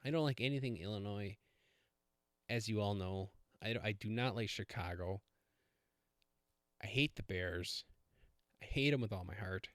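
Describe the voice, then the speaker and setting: A man's voice: on the low side, moderate pace, pauses often, fairly bright tone, dry recording. Man, casual podcast host, rambling, fillers and restarts, dry close sound. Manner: rambling, with many fillers and self-corrections. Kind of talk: casual solo podcast monologue.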